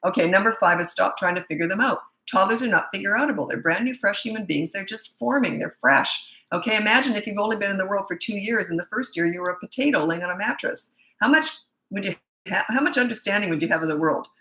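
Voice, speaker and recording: A woman's voice: medium pitch, fast, bright, forceful tone. A middle-aged woman, a parenting coach, bluntly and emphatically answering viewer questions in a live Q&A session. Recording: echoey room.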